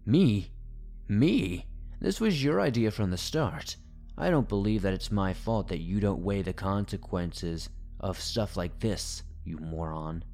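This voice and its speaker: A man's voice: low voice, unhurried, hardly any pauses, a little mellow, soft background music. A man voicing an angry young man who throws the blame back at his friend with indignant insults.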